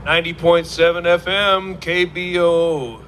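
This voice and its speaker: A man's voice: fairly high pitch, fairly even intonation, unhurried, fairly bright tone. A man, a singer-songwriter, rambling through a story with lots of fillers between songs on a festival stage. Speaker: singer-songwriter performing live. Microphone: stage vocal mic. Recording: live band music behind.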